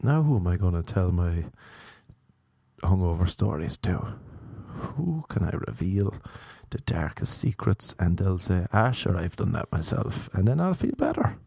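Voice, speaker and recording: A man's voice: low-pitched, big pitch swings, a little slow, vocal fry, warm tone, husky, dry recording, studio quality. A young Irish man hosting a podcast, telling a rambling, self-deprecating comic story. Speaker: podcast host.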